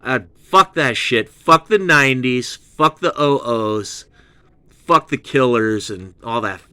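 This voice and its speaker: Excitable profane male host, mid pitch, dry close sound. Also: no room sound. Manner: profane, excitable, drops into British slang. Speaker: host of a music commentary show. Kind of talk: rambling album review rant.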